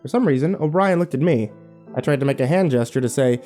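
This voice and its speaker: A man narrating a first-person horror story in a wry, animated way. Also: mid-range voice, fast talker, faint music behind.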